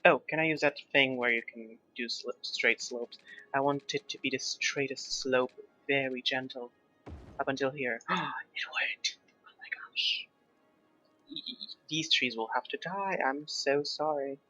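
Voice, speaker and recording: A man's voice: medium pitch, steady tone, moderate pace, pushed and bright. A young man who is not a native English speaker, with an accent that mixes British and American, chatting through gameplay while thinking aloud and joking at his own expense. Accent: mixed British and American. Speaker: gaming YouTuber. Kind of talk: casual gameplay commentary. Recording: slightly dull lo-fi mic, faint background music.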